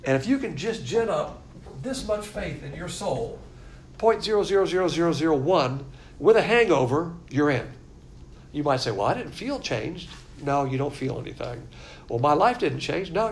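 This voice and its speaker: A man's voice: on the high side, normal speed, a little hiss or hum. A man preaching a sermon in a blunt, emphatic, conversational way.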